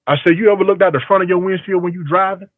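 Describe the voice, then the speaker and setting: Casting: man with a fairly high voice, emphatic storyteller, tinny phone line. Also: fairly even intonation, rapid-fire, dry recording. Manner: storytelling with quoted dialogue, emphatic. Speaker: barber. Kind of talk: call-in testimony. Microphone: phone call.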